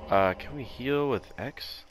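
A man's voice: mid-range voice, slow pace. A man giving casual, joking gameplay commentary, full of exclamations. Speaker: gamer. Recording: game audio with loud music.

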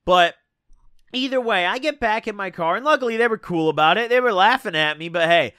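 A man with a high, bright voice spins a rambling storytime tale, swearing freely and calling the listener "bro." The sound is dry and close, with no room around it. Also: animated, brisk, smooth, no room sound. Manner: casual and profane, full of "bro" and "dude". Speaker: vlogger. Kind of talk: storytime vlog.

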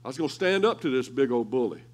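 A male pastor preaching a sermon through lively, humorous storytelling. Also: mid-range voice, quick pace. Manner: animated, humorous storytelling with laughter.

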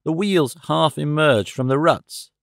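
A man reading a classic novel aloud as audiobook narrator, in a measured, steady way. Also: on the high side, gravelly, no echo, clean studio sound. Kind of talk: scripted narration.

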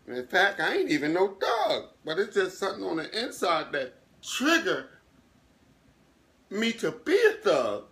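A man's voice: a little high, big pitch swings, slow, pauses often, sharp tone. A man doing a comic monologue to camera, mock-emotional and drawn out, with fake crying. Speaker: comedy vlogger.

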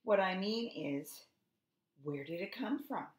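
A woman voicing a proud, bossy male duck in a storybook, talking loudly and indignantly. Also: mid-range voice, expressive, slow pace. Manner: loud, indignant, scolding. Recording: roomy echo.

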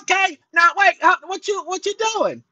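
This is a cranky, childish character with a high, bright voice, which a man puts on as his alter ego. He stammers, repeats himself and keeps bickering with someone off-mic. The sound is dry and close. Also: normal speed, no echo, full character voice. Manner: excitable, stammering, talks back to an unseen helper. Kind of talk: comic put-on voice on a video channel.

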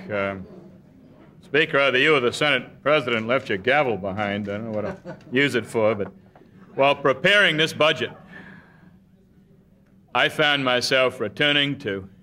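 A man delivering a formal state budget address in an auditorium, measured and oratorical, with a light humorous touch. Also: medium pitch, pushed and bright, a little hiss or hum. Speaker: governor. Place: museum auditorium.

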